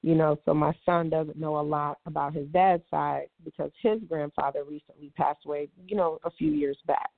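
A woman's voice: low-pitched, fairly even intonation, moderate pace, gravelly, hardly any pauses, no echo. Woman host, blunt and heated, rambling monologue, tinny phone-like sound. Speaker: show host. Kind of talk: casual candid monologue.

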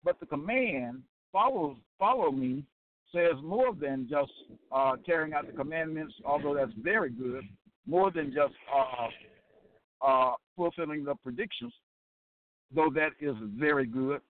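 A man giving a sermon-style Bible lesson, deliberate and repetitive, often stopping to check that listeners follow. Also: fairly high pitch. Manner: deliberate and repetitive, with many fillers and check-ins. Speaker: Bible teacher. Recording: tinny phone-like line, dry.

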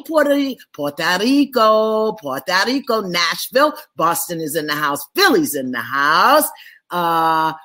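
A woman hosting a monthly spiritual gathering over a live video stream, greeting her listeners warmly and stretching out words for emphasis. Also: fairly low pitch. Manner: lively, affectionate greetings with drawn-out emphasis. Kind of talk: livestream welcome and spiritual talk.

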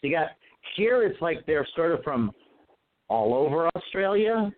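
A man's voice: fairly high pitch, big pitch swings, a little slow. Profane, gossipy man on a phone-like line. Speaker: co-host. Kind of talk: casual podcast chat. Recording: phone-like narrow sound.

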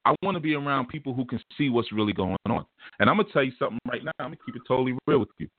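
A man hosting an online radio talk show, talking in an animated, emphatic way and repeating words as he starts his thoughts. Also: medium pitch, racing, dry recording. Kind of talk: casual talk show monologue. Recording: dry, tinny phone line.

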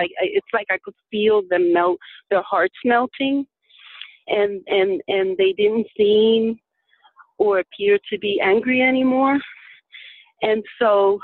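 A caller speaks over a tinny phone line, the voice gravelly and dry. The delivery is calm and gentle, with a spiritual lean and plenty of "um" and "uh" fillers. It sounds like an unhurried first-person story told on a call-in show. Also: medium pitch, dry recording. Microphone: telephone.

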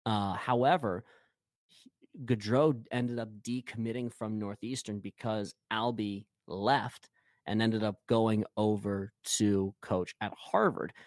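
A man talking hockey in a loose, rambling way, often stopping to restart his sentences. His voice sits low and the recording is dry and close, with no room sound. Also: steady tone, slow pace, dry recording. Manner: rambling, with frequent fillers and restarts. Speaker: podcast co-host. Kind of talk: casual hockey chat.

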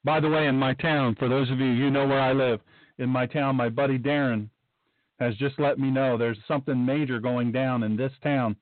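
A man's voice: mid-range voice, steady tone, moderate pace, no echo. A man hosting a talk radio monologue, emphatic and rambling, repeating himself as he goes. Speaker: podcast host. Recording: tinny phone-like dry sound.

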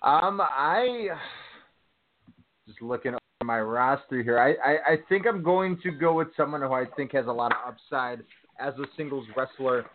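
A man joining a podcast as a guest in casual chat, hesitant and halting as he talks. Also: mid-range voice, expressive. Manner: hesitant, halting, full of restarts. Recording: tinny phone line.

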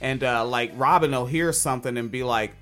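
A man hosting a podcast in casual chat, with a clear voice and a profane, joking manner. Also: medium pitch, soft background music. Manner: profane, animated, quick to joke. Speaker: podcast host.

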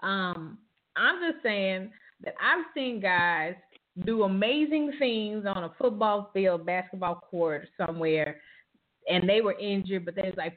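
A woman's voice: medium pitch, animated, measured pace. A woman hosting a casual comedic chat show, exasperated and emphatic, laughing as she argues back. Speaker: host. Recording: tinny phone-like line.

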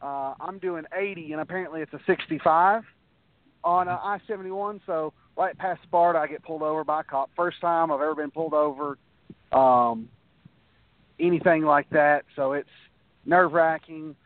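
A man's voice: a little high, moderate pace, no room sound. A man, a guest, telling rambling anecdotes in a casual interview, often restarting his sentences and acting out what others said. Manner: rambling anecdotes with many restarts and acted-out quotes. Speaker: guest, wrestler. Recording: tinny phone-like, dry sound.

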